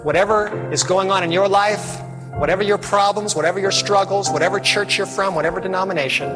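A man's voice: sits high, a little fast. A man preaching a fervent evangelistic sermon, calling out to his audience for responses. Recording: reverberant hall with faint music.

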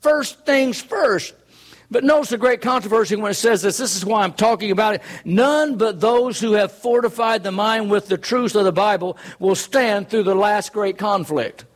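A man's voice: sits high, normal speed. A man preaching a sermon in an earnest, conversational way, full of rhetorical questions.

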